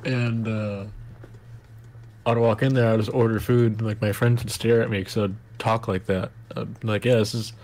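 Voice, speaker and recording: A relaxed man whose voice sits a little low, chatting on a stream and laughing often. His speech is loose and full of filler words, with a faint hiss underneath. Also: moderate pace. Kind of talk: casual chat.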